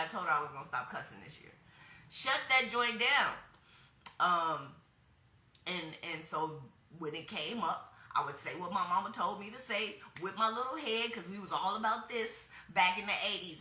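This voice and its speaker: A woman's voice: medium pitch, a little fast, bright, forceful tone, roomy sound. A woman in her forties giving a casual workshop talk, telling stories in a frank, chatty way with slang. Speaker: wellness workshop presenter.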